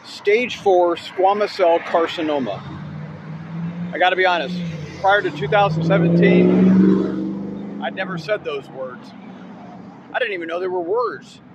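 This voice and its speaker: A man's voice: sits high, normal speed, pauses often, dull audio, background noise. A man telling a personal story as a comic monologue, wry and self-mocking with jokey asides.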